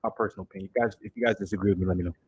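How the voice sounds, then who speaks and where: A man's voice: low-pitched, fairly even intonation, racing, darkish tone, lo-fi sound, slight background noise. A man hosting a casual movie reaction, chatting with enthusiasm and talking straight to his viewers. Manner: enthusiastic, loose and chatty, talks to viewers directly.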